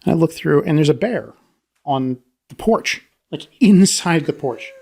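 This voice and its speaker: A man's voice: on the high side, animated, a little slow, creaky, a little mellow, husky. A man co-hosting a podcast, telling a funny story in casual chat, laughing often and acting out the voices of the people in it. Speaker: podcast co-host.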